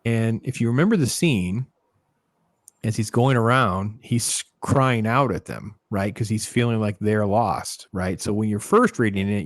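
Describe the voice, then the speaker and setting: Animated male podcast host, low dry voice. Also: dry recording. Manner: animated, acts out scenes in quoted voices. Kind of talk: casual panel discussion.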